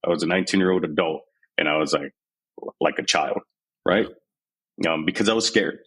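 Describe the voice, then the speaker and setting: A very deep-voiced man in his forties, from Texas, talking with a husky grain as a podcast guest. He retells his army years candidly and with animation, slipping into the voices of people he quotes. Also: a little fast, a bit bright, low-quality recording. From San Antonio, Texas. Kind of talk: candid storytelling interview.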